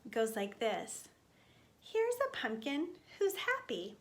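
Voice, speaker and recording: A woman leading a storytime for young children, speaking gently and with exaggerated expression. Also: a little high, wildly swooping pitch, slow pace.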